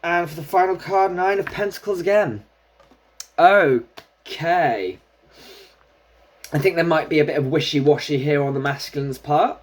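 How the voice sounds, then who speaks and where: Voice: medium pitch, measured pace, long pauses, slight background noise. A tarot reader giving a casual solo reading, chatting and thinking aloud while drawing cards.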